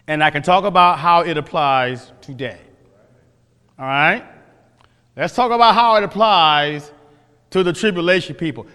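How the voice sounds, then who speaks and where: A man's voice: on the high side, pushed and bright, smooth. A male pastor teaching a sermon from scripture, emphatic, repeating phrases and quizzing the congregation. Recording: long hall reverb.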